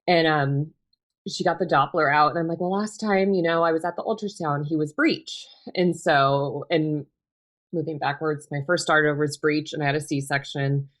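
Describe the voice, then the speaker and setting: A woman in her thirties, a podcast guest telling a personal story in a quiet, subdued, halting way, with many fillers and restarts. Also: deep voice. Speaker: podcast guest, bereaved mother.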